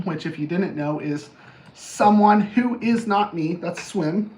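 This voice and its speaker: A man's voice: high-pitched, animated, a little slow, darkish tone. A man coaching on anger in a casual, blunt monologue, swearing freely and joking at his own expense. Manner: blunt, profane, jokey, self-mocking. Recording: roomy echo, faint background noise.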